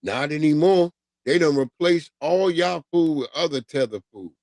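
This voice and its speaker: A man's voice: fairly high pitch, moderate pace, no room sound. Profane New man ranting on livestream. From New York. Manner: loose, profane, laughing, animated storytelling. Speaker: livestream host. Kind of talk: casual livestream rant.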